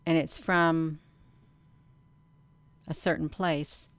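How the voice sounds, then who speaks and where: A woman's voice: deep voice, flat delivery, extremely slow, smooth, dry recording. A woman hosting her own channel, reading a document aloud and commenting on it casually. She stresses words and repeats phrases, often calling out to viewers as "you all".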